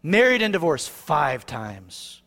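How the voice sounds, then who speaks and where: A man preaching a sermon as pastor, shifting from hushed passages to raised, emphatic ones. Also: a little high, sing-song, slow pace. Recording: long reverb of a hall.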